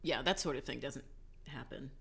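A woman with a low, full voice tells stories in relaxed conversation. She grew up in Jamaica and talks with animated energy, breaking into laughter often. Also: moderate pace, vocal fry, slightly rough. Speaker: guest. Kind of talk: casual interview chat.

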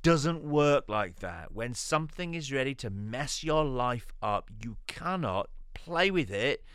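A man's voice: medium pitch, sing-song, slow, fairly bright tone, clear, resonant tone, no room sound, studio quality. A man preaching a podcast sermon, emphatic and repeating his key phrases.

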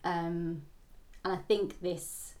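A woman's voice: fairly low pitch, level tone, drawn-out words, warm tone. A woman co-hosting a book podcast, agreeing readily and summarizing the plot with hesitant fillers. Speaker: podcast co-host. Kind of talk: casual book-club chat.

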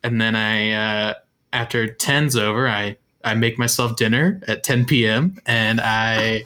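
A man's voice: fairly low pitch, measured pace, sharp tone. A young man co-hosting a podcast, rambling casually with fillers and little laughs. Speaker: podcast co-host. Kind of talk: casual chat.

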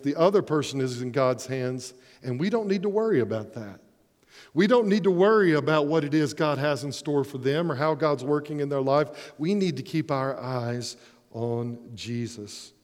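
A man's voice: a little high, darkish tone, big-room sound. A man preaching a sermon as pastor, earnest and emphatic, posing rhetorical questions.

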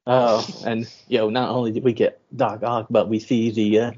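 A man's voice: fairly low pitch, little pitch movement, normal speed, a little mellow. A man hosting a podcast in casual chat, joking loosely and laughing often. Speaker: podcast host. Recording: dull lo-fi podcast audio.

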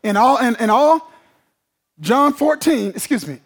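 High, gravelly-voiced preacher man. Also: expressive, measured pace. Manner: emphatic call-and-response preaching, often asking if the congregation follows. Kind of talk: sermon.

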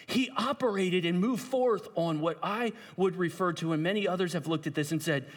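A man preaching a sermon, retelling a story with lively asides to his listeners. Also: high-pitched, normal speed. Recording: long hall reverb.

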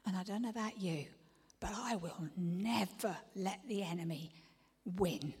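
Breathy woman preaching in a hall. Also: medium pitch, unhurried, a little mellow. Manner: earnest, shifting between whispered intensity and emphatic declarations. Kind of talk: sermon. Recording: long reverb of a large hall.

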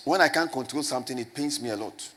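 A pastor delivers a sermon to a congregation in call-and-response style, repeating questions to the crowd. His medium-pitched voice is bright and forceful, and he talks fast.

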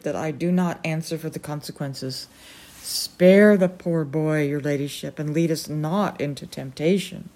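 A woman's voice: sits low, dark tone. A woman voicing a crazed, tormented old male hawk colonel, anguished and pleading.

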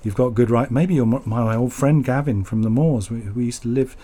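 A man's voice: mid-range voice, fairly quick, dark tone. Rambling, jokey man co-hosting radio. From Yorkshire, England. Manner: rambling, jokey, reads mail aloud. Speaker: radio co-host. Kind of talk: casual radio chat.

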